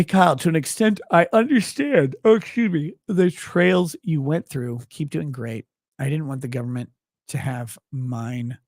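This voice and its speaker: A man with a gravelly, creaky voice hosts a live stream from a close mic, reading chat messages aloud in a sardonic, joking way. His delivery jumps between loud bursts and muttered asides. The sound is dry and close, with no room echo. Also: mid-range voice. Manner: sardonic, jokey, with sudden loud outbursts and quiet asides. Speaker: show host.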